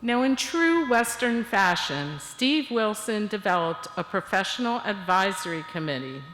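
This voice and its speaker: An older woman guest speaker leading a congregation in laughter exercises, animated and coaxing. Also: mid-range voice, unhurried, a little hiss or hum. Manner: animated, coaxing, bursts into cheering and chanting. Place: church sanctuary. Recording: long hall reverb.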